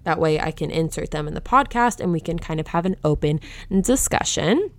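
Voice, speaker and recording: A woman's voice: low-pitched, animated, brisk. A young woman hosting a true-crime podcast, talking casually and openly indignant about the case. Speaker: podcast host.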